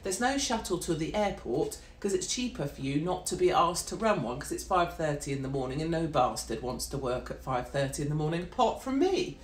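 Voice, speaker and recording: A woman's voice: deep voice, brisk, few pauses, a little hiss or hum. A woman, hosting a blunt, profane and mocking ranting monologue. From Britain. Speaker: host. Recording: echoey room.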